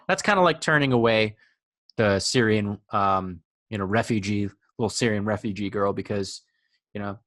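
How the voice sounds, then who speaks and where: A man's voice: on the low side, a bit bright, no echo, studio quality. A young man co-hosting a podcast, rambling and argumentative, with lots of filler words. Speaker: podcast co-host. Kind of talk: casual chat.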